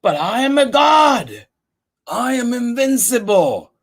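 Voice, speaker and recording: Casting: proud, whiny boy god with an elephant head, read by a man, lively and a little husky. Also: very high-pitched, slow pace, voice pushed up, full character voice. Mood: boastful.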